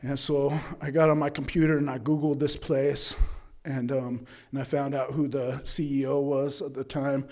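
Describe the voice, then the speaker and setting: A man's voice: mid-range voice, flat delivery, moderate pace, darkish tone. Candid man telling his recovery story. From Utah, US. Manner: candid, rambling, frequent "right?" and "you know". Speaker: AA meeting speaker. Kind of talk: personal recovery story told to an audience. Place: AA speaker meeting.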